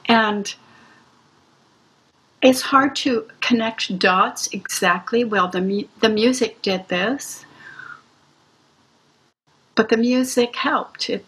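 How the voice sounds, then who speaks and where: A woman recounting a hospice experience in an interview, gently and reflectively. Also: on the high side, breathy edge, low-quality recording. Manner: gentle, slow, reflective storytelling. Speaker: music practitioner playing for hospice patients. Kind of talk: interview storytelling.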